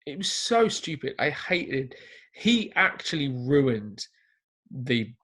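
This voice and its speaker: A man's voice: medium pitch, very animated, takes it slowly, fairly bright tone, husky. A man from Essex with an Essex English accent, chatting casually as a podcast co-host over a remote call, with frequent fillers and casual swearing. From England, Essex. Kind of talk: casual chat.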